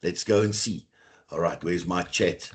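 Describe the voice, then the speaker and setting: A man's voice: low-pitched, a little slow, husky. A man teaching a live online computer class, chatty and encouraging, talking straight to his students.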